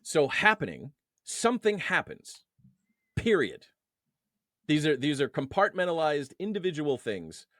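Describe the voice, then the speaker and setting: A man's voice: on the high side, measured pace, no room sound, studio quality. Man explaining through everyday analogies. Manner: explains through everyday analogies, animated lift on key words. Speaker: guest, men's emotional coach. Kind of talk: conversational interview.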